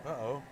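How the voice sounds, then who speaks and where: A man's voice: a little high, a little hiss or hum. A blacksmith streaming live, chatting casually as he works, rambling and easygoing with frequent chuckles. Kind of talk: casual live-stream chat while working. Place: metal forge workshop.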